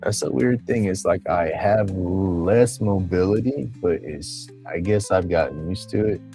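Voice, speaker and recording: A man's voice: sits low, unhurried, warm tone. A middle-aged man, chatting casually on a livestream, rambling and laughing often. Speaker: livestream host. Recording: faint music behind.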